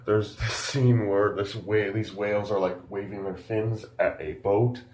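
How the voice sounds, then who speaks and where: A man's voice: fairly low pitch, steady tone, a little slow, a little mellow, roomy sound. A man giving a casual spoken film review, rambling and incredulous, full of fillers.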